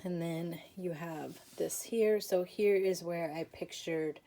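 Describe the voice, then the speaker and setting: Chatty tired woman with a mellow voice. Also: lowish voice, takes it slowly, a little hiss or hum. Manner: chatty, self-deprecating, giggly, many fillers. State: tired, yawning. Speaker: papercraft tutorial host. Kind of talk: casual craft tutorial chat.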